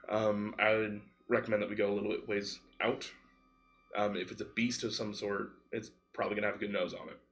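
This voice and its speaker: A man voicing a wary male tracker who calmly gives practical advice in a tabletop game. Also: fairly low pitch, fairly quick. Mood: cautious.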